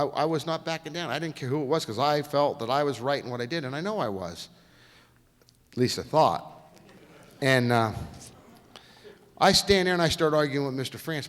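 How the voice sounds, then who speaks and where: A man speaking as a guest lecturer, telling racing stories in a folksy, animated way and acting out the quotes in a lecture hall. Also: medium pitch. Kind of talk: storytelling lecture.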